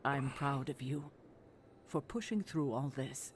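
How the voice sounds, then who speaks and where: An actress playing a wise older mentor, speaking thoughtfully and with care for the hero. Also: female voice, rumbling low, takes it slowly, slight background noise. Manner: warm-hearted, thoughtful.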